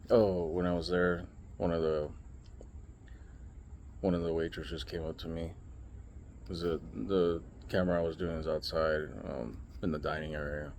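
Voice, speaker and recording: A man's voice: deep voice, moderate pace, pauses often, a little hiss or hum. A young man rambling casually in a late-night vlog, telling stories with lots of fillers. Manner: rambling, relaxed storytelling with many fillers. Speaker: vlogger and streamer.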